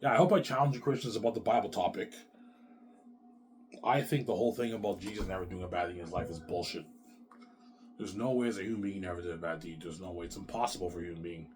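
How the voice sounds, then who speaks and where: A man's voice: sits low, fast, a little mellow, a little hiss or hum. A man ranting in a rambling solo vlog, profane and repetitive. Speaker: vlogger.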